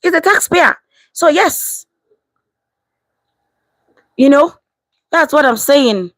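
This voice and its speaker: A Nigerian woman in her thirties hosts a casual live stream, reading and answering viewer comments. Her voice sits a little high and sounds close and dry. She is lively, switching easily between English and Pidgin. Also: takes it slowly, dry recording, low-quality recording.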